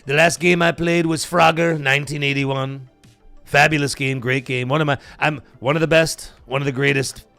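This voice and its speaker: A man puts on a boastful older politician who brags in rambling superlatives. The voice sits a touch high and has a gravelly edge. The sound is close and dry. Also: steady tone, moderate pace, sharp tone, dry recording, faint music behind.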